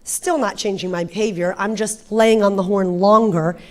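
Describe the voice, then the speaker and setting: A woman, a working mother, giving a frank and animated personal testimony in church. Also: mid-range voice, normal speed. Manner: frank, animated confessional storytelling. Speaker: guest speaker, pastor's wife.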